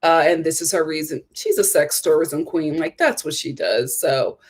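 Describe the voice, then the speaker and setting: A woman's voice: low-pitched, normal speed, husky. A woman giving a sassy, emphatic reaction review of a reality TV show, with laughing asides. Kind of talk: casual video commentary.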